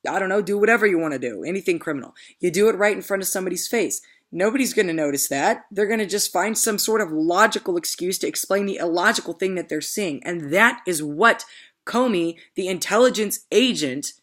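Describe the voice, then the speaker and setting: Rambling, emphatic political vlogger. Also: mid-range voice. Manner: rambling and emphatic, often loses the thread; addresses viewers directly with repeated "okay?". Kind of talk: casual opinion rant.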